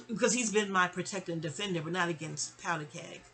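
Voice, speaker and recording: A woman from New York tells a personal story in a bright, ringing voice. She rambles and digresses, addresses her listener directly, and slips into other people's voices when she quotes them. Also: on the low side, a little fast, soft background music, rough recording. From New York (Queens). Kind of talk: casual storytime monologue.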